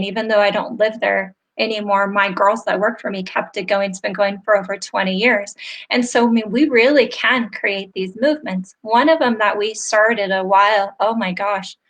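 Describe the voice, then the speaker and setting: Earnest, heartfelt woman host. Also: medium pitch. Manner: earnest, heartfelt storytelling that grows emotional. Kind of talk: live interview chat.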